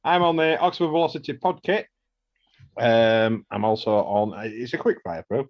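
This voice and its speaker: Male co-host, unhurried list-reader, muffled call audio. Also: mid-range voice. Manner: slow, listing gear with pauses. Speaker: podcast co-host. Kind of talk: casual group chat.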